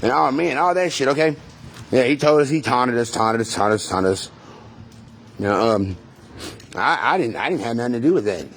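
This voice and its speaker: A man's voice: medium pitch, lively intonation, normal speed, long pauses, fairly bright tone, slight background noise. A man from Texas with a Texan accent, telling a story to viewers in a heated, rambling, profane way and often repeating himself.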